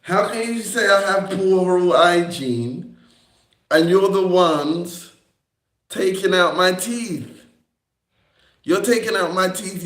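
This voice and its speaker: A man's voice: on the high side, a bit bright. A young man on a livestream, rambling and confrontational, repeating himself and swearing at his critics. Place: indoor room on a livestream. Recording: echoey room.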